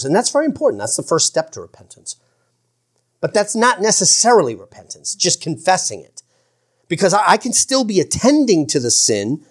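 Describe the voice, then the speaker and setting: Pastor, male, slightly high-pitched, preaching earnestly with slow emphatic lines and stammered restarts. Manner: shifts from slow emphatic phrases to quick asides. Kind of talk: sermon.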